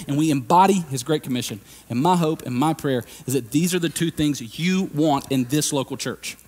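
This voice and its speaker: Impassioned preacher in a reverberant hall. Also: male voice, a little high, normal speed, hardly any pauses. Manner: impassioned, rising to loud emphatic peaks and dropping to quiet; conversational preaching with casual fillers. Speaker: lead pastor. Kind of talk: sermon. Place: church sanctuary.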